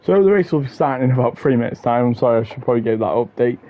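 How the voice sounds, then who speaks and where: Casual: chatty dude doing race comms, voice jumps around a lot, bit muffled. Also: male voice, mid-range voice, racing. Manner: chatty, easily excited. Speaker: race commentator. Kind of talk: casual stream commentary.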